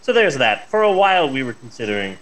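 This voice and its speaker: A man co-hosting a casual chat show, animated and swearing freely. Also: mid-range voice, fast, poor audio. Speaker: co-host.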